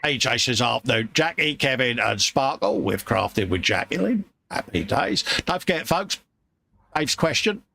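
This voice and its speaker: A man's voice: mid-range voice, lively intonation, moderate pace, creaky, pushed and bright, slight background noise. A man hosting a casual livestream, chatty and matey as he reads out viewer messages. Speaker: livestream host reading chat.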